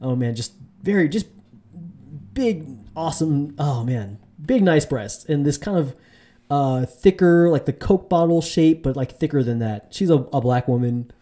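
In an unhurried, mellow voice, a dating-advice vlogger tells a story about dating straight to camera. It's casual and rambling, with lots of fillers and restarts, and he puts on a high voice to mimic women.

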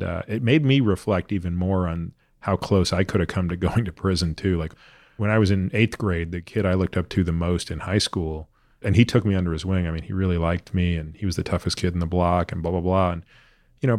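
A man with a very low voice hosts a casual podcast conversation. He muses out loud and leans on filler words as he goes. The sound is dry and close, with no room around it. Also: dry recording. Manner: reflective, loose, lots of "like" and "you know". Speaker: podcast host. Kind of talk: casual interview chat.

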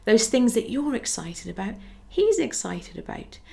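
A woman's slightly high, creaky, somewhat mellow voice swings widely in pitch at a measured pace. She hosts a casual devotional podcast, encouraging listeners earnestly and acting out brief exchanges.

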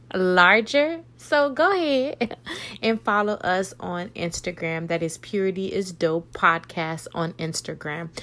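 A woman hosting her own faith podcast, talking in an animated, playful way with slangy asides. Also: mid-range voice. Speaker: podcast host. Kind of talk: casual faith talk podcast.

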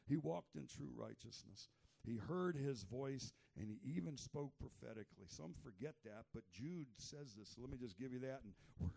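A man preaching a fervent sermon, moving between loud exhortation and quiet, low asides. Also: expressive, moderate pace, creaky, a little hiss or hum.

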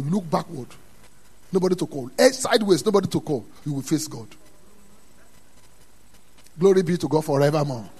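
Man, pastor, sermon, husky, high voice, quiet asides to loud preaching. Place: church.

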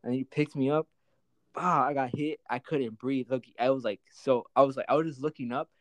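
A young man telling a childhood story in quick, casual, profane slang full of fillers. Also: mid-range voice, fairly even intonation, no echo.

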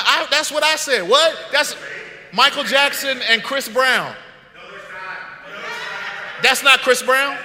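A man with a high, very bright and forceful voice preaches a sermon, talking with his congregation and throwing questions at them. The sound carries a long reverb from the church hall he speaks in. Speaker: pastor. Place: church sanctuary.

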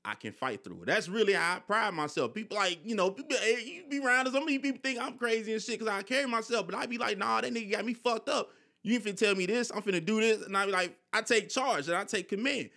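High, bright-voiced young man telling stories. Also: quick pace, creaky. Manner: candid storytelling, heavy slang and swearing. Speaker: podcast host. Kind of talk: casual conversation.

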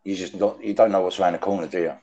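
An English man joining a podcast from afar, talking in earnest, hesitant casual chat and often restarting his phrases. His voice sits low. It comes through dull, lo-fi call audio. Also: steady tone, racing, crowd noise. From England. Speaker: remote podcast guest.

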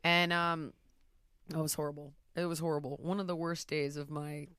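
A woman talking in a casual interview, telling stories in a blunt, profane, animated way. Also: deep voice, normal speed, clear, resonant tone, no room sound, clean studio sound. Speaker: podcast host answering rapid questions.

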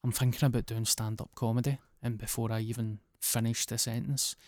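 A man's voice: mid-range voice, little pitch movement, brisk, a little mellow, dry recording, studio quality. A Scottish man, a guest comedian, telling blunt, plain-spoken stories in casual chat. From Scotland.

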